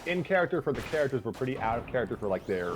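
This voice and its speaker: A man's voice: mid-range voice, sing-song, rapid-fire, noisy background. A man hosting a livestream, chatting casually and rambling in a self-deprecating way about his writing. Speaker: host and story writer.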